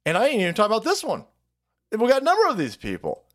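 A man's voice: high-pitched, huge pitch swings, rapid-fire, fairly bright tone. A man ranting crudely on a live stream, mocking and often breaking into laughter. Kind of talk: profane ranting commentary.

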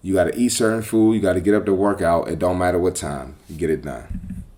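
A man hosting a podcast as a personal trainer, talking bluntly and with profanity in a casual, animated monologue. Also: low voice, brisk, background noise.

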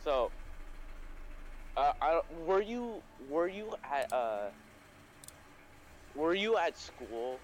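A man's voice: a little high, big pitch swings, drawn-out words, pauses often, slight background noise, poor audio. A young man hosting a casual chat, telling a story in a rambling, profane way with lots of fillers and restarts. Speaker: podcast host.

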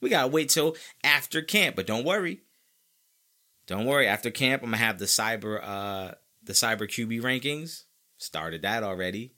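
A man's voice: medium pitch, moderate pace. A man hosting a sports podcast, talking casually and emphatically, repeating himself as he argues his opinions. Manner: emphatic, animated and opinionated, with frequent repetition. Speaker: podcast host.

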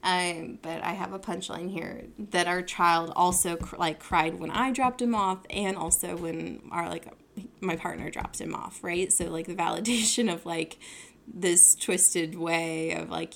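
A woman's voice: fairly low pitch, a little slow, gravelly, pushed and bright. A young adult woman hosting her own podcast, talking casually in a rambling way, full of fillers and self-corrections. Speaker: podcast host. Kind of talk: casual solo podcast talk.

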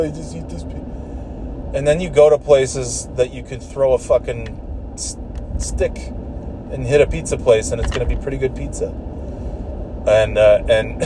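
A man's voice: mid-range voice, background noise. A man ranting casually in a car, rambling, swearing and restarting his sentences. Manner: profane, rambling, exasperated, with frequent restarts.

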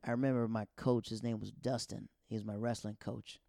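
A man who does stand-up comedy, telling stories in a casual, animated way and acting out the dialogue he quotes. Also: on the low side, brisk, vocal fry, no echo, studio quality. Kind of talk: casual storytelling.

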